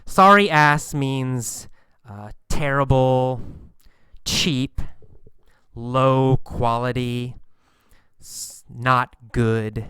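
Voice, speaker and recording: A man teaching English vocabulary, explaining slang slowly and patiently, repeating words and examples and acting out lines with sudden bursts of energy. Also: medium pitch, bright, forceful tone, smooth, dry recording. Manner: acts out lines and engine sounds with bursts of volume.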